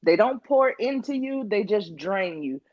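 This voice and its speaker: A woman's voice: mid-range voice, a little slow, dry recording. A chatty woman co-host tells stories and teases her friends, putting on little voices. The sound is dry and a little muffled, like a modest home setup. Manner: animated storyteller, laughs often, mimics friends. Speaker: podcast co-host. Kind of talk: casual chat.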